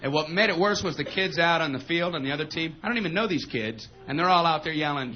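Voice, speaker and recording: High-voiced man doing stand-up. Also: fast talker, hardly any pauses, a crowd in the background. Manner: animated storytelling, acting out shouted voices. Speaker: stand-up comedian. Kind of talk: stand-up comedy routine. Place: comedy stage before a live audience. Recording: dull lo-fi live recording with audience laughter and noise.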